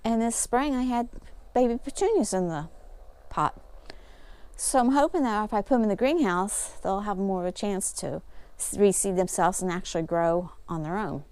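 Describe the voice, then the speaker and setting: A woman's voice: mid-range voice, expressive, normal speed, a little mellow, smooth. Easygoing woman chatting around her farmyard. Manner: easygoing, explains as she goes with plain homespun talk. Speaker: homesteading vlogger. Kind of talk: casual walk-and-talk narration. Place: outdoors in a farmyard.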